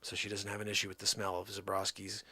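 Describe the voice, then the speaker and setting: A middle-aged man making a comedic prank phone call, rambling and exasperated, swinging between low mutters and loud outbursts. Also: monotone, fast, slightly rough, dry recording. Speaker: prank caller.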